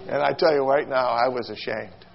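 A man preaching a sermon, telling a funny childhood story in an animated, self-mocking way and acting out quotes with squeals and shouts. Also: mid-range voice, a little fast, creaky, dull audio, crowd noise.

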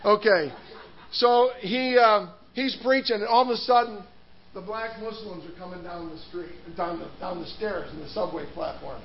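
A man's voice: sits high, normal speed, muffled recording. A man preaching a sermon, telling a story with laughs and restarts before turning to scripture. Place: church hall.

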